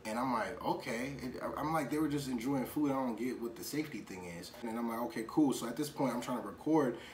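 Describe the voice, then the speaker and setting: A man tells a wild story from his delivery shift straight to camera, loose and slangy, throwing in "you know what I'm saying" again and again. His voice sits at an ordinary pitch and rings in an echoey room. A faint hiss lies under it. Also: fast talker, a little mellow. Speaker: vlogger, delivery driver.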